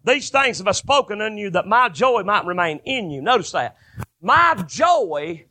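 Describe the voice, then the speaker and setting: A man preaching a fervent sermon, building to shouted bursts. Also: high-pitched, very animated, fairly quick.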